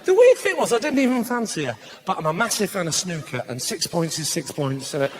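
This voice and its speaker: A man doing live stand-up comedy in a large venue, bantering with the crowd, mocking, and breaking into bursts of shouting. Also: high voice, very animated, fairly quick, very noisy. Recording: live show with loud audience laughter.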